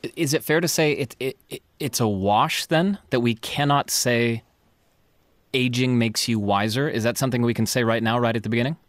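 A man's voice: medium pitch, moderate pace, dry recording. Curious man host with dry sound. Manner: curious, stammering restarts. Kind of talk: interview questions.

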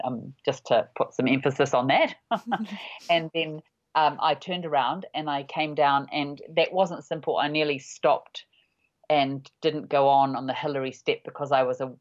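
A woman in her sixties, a mountain guide, giving measured, halting interview answers with many pauses. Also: low-pitched. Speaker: high-altitude mountain guide. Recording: dull lo-fi audio.

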